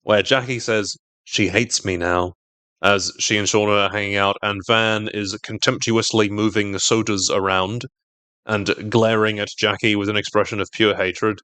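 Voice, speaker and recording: A man's voice: on the low side, flat delivery, normal speed, pushed and bright, clear, resonant tone, dry recording. A man co-hosting a podcast, recapping a TV episode in casual chat and acting out quotes in silly voices.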